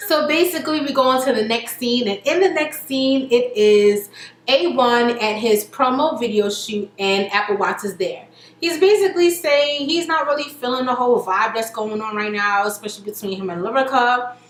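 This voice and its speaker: Woman vlogger, highish voice, chatty slangy recap, roomy echo. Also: moderate pace. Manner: chatty, slangy storytelling, acts out quotes. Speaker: TV reality show reviewer. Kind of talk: casual episode recap.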